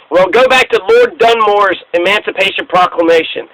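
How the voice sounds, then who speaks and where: A man's voice: sits high, huge pitch swings, moderate pace, gravelly, few pauses, a bit bright, rough recording. A man hosting a casual history talk, speaking in a profane, emphatic rant. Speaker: host.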